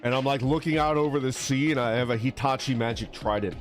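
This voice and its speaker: A man with a mid-range voice talks quickly while streaming a game, joking, laughing and reading the dialogue aloud over the game's music. He's goofy, cracking up as he jumps between silly voices and straight reading.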